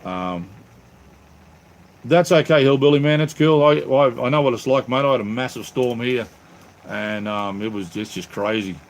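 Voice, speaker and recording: A man's voice: mid-range voice, normal speed. An Australian man hosting a casual live stream from home, rambling cheerfully and calling his viewers mate and brother. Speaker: channel host reading live chat.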